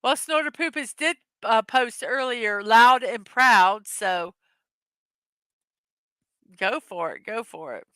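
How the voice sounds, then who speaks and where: A middle-aged woman chats her way through a morning show, laughing often at her own jokes. She talks slowly, in a bright, clear voice. The sound is dry and close. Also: a little high, very animated, no echo. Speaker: host of a daily morning show. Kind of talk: casual chat reading memes to a live audience.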